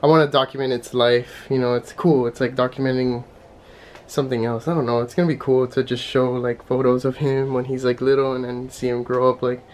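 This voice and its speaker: A man vlogging casually, excited and gushing as he picks up his first puppy. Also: medium pitch, brisk. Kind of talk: casual vlog chat. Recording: loud background noise.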